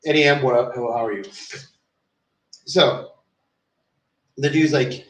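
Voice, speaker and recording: A man's voice: mid-range voice, moderate pace, long pauses, fairly bright tone. A man livestreaming, telling a long story in a profane, rambling way and acting out quotes from the people in it. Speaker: live streamer. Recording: roomy sound, far from mic.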